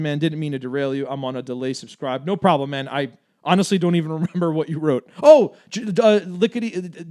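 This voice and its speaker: A man hosting a livestream, reading viewer comments aloud and answering them in an energetic, argumentative way, with many fillers. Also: high-pitched. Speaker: livestream host for a gun rights group.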